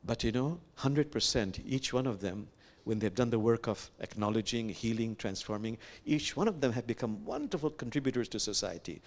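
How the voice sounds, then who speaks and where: A man preaching as an imam, gentle and reflective, who slows to stress each quoted verse and speaks straight to the congregation. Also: mid-range voice, animated. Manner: reflective, quotes sacred verses slowly and with emphasis; gentle, addresses the congregation directly. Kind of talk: sermon. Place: sanctuary.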